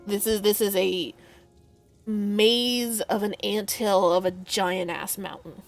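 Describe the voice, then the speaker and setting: A woman's voice: mid-range voice, fairly even intonation, slow pace, soft background music. A woman as game master, explaining the scene in a laid-back, casual way. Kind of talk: casual tabletop game narration.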